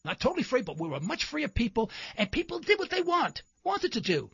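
A man's voice: extremely high pitch, huge pitch swings, a little fast, creaky, fairly bright tone, breathy edge, no echo, highs cut off. A man hosting a talk show, delivering an impassioned political commentary monologue full of rhetorical questions and indignant emphasis.

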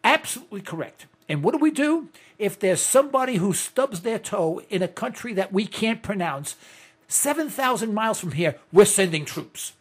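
A talk radio host in his sixties delivers an opinionated monologue that rambles, bristles with indignation, and runs impassioned. His voice sits high and is expressive, with a moderate pace and a breathy edge.

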